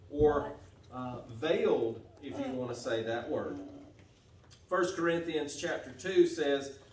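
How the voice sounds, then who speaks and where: A man with a fairly high voice preaches a sermon from a church pulpit, going over his points steadily and often repeating a phrase before he carries on. His voice comes from some way off the mic and rings through the roomy church. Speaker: pastor. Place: church sanctuary. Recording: echoey church from a distance.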